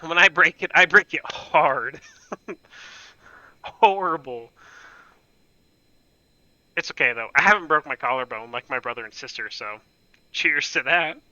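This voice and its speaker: Young man, rambling and profane, very bright voice, dry dull mic. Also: fairly high pitch, animated, a little slow, long pauses, no echo. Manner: rambling, profane, self-mocking. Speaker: gaming channel host. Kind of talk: casual storytelling.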